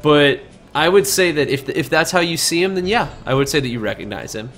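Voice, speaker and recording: A man acting as game master, narrating a tabletop game in a casual, halting way with fillers. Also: on the high side, lively intonation, fairly bright tone, soft background music.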